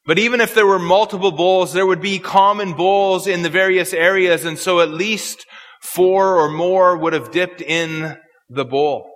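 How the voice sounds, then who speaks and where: A man's voice: sits high, steady tone, unhurried, a bit bright. A man preaching an expository sermon, earnest and prone to repeating words as he searches for phrasing. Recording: long hall reverb.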